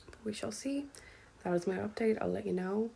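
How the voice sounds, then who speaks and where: A woman's voice: medium pitch, fairly quick, gravelly, mellow, slight background noise. A woman talking casually to camera in a reading vlog, candid, chatty and self-mocking. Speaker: book vlogger.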